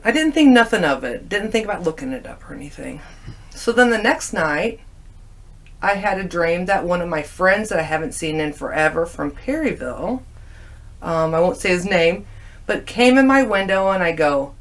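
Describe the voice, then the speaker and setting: A woman's voice: lowish voice, moderate pace. A woman guest in casual conversation, telling stories animatedly and acting out what people said. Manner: animated storyteller, acting out quoted lines. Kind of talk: casual chat.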